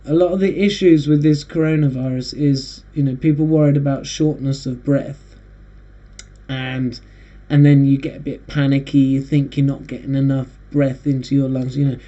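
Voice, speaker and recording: A man hosting a casual monologue, rambling and halting with frequent restarts. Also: mid-range voice, fairly even intonation, mellow. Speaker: host. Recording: dull lo-fi recording.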